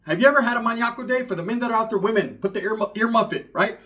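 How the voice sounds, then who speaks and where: A man telling a comic story in an animated, profane way, full of street slang and Spanish words. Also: very high-pitched, rapid-fire. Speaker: comedian storyteller.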